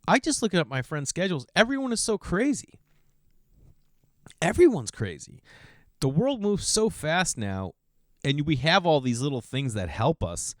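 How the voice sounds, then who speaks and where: A man in his thirties hosting a podcast, rambling through casual opinions with sudden jumps in pitch. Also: sing-song, moderate pace, no room sound, clean studio sound. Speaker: podcast host. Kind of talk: casual monologue.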